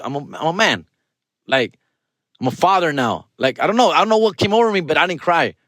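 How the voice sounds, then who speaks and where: A man in his forties, a podcast host with a Californian accent, telling a self-mocking story in an animated, slangy way. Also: fairly high pitch, no echo. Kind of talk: casual comedic monologue.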